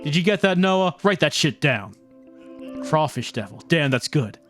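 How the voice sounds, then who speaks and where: A streamer voicing a small, energetic, pompous male film director who barks insults and orders, over faint game music. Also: medium pitch, moderate pace, pitched above the performer's own voice, close to an everyday voice. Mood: brash. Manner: brash, insulting, bossy.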